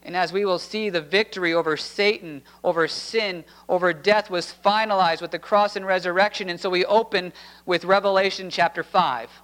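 Male pastor, higher voice, unhurried deliberate preaching delivery. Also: fairly even intonation, fairly bright tone, rough recording. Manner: slow, deliberate preaching cadence. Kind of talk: sermon with scripture reading.

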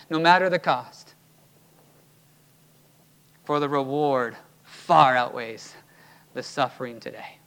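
A man's voice: mid-range voice, takes it slowly, long pauses, a bit bright, clear, resonant tone. A man preaching a sermon from the pulpit as pastor of a church, emphatic and urging his listeners. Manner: emphatic, rising to urgent exhortation.

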